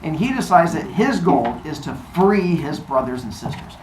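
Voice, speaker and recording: A man telling a myth to a class in an animated, jokey way, quizzing his listeners. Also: fairly high pitch, moderate pace, far from the mic, a little hiss or hum. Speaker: storytelling teacher. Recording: echoey room.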